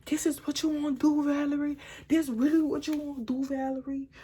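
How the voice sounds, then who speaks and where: As a woman acts him out, a jealous young boyfriend spits the same accusing question over and over, pitched up high and getting louder as he goes. The delivery is frantic and volatile. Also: level tone, brisk, natural voice. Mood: accusing, agitated.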